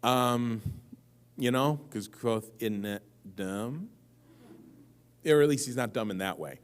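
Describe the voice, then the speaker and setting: A man's voice: medium pitch, expressive, slow pace, clear, resonant tone. A man answering audience questions on a convention stage, telling rambling, self-mocking stories that keep wandering off track. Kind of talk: live convention Q&A storytelling.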